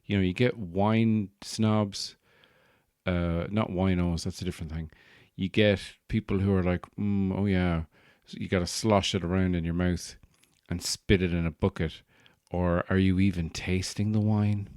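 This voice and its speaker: A man's voice: low-pitched, fairly even intonation, moderate pace, darkish tone, no echo, studio quality. An Irish man hosting a podcast, rambling through a jokey comic monologue and slipping into put-on accents. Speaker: podcast host and stand-up comedian. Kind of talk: casual comedic monologue.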